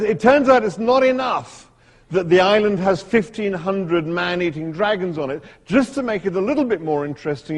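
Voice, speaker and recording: A man giving a talk to an audience with dry humor and a hesitant, halting delivery. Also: sits high. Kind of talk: live talk with a read-aloud passage. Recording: long hall reverb.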